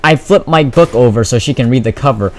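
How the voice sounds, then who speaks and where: A teenage boy telling a story in a casual vlog, profane, exasperated and animated. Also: mid-range voice, brisk. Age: teens. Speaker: vlogger.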